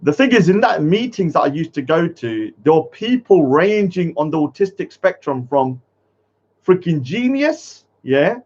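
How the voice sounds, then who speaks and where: A man's voice: fairly high pitch, sing-song, normal speed, few pauses, a little mellow. A man, hosting a casual livestream, talking bluntly and scolding his chat. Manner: blunt, swears at chat, mock-taunting. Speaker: livestream host. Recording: dull lo-fi stream audio.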